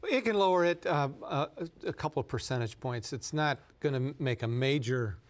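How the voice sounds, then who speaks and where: A man who is a doctor answers viewer health questions on a talk show, speaking in a measured, halting, explanatory way. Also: medium pitch, expressive. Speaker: doctor guest.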